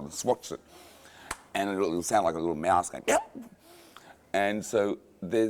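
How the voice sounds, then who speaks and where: A man's voice: low voice, darkish tone, a little hiss or hum. A man directing a film, interviewed on set, talking casually and enthusiastically with many repeated starts and fillers. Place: film location in a tropical cave.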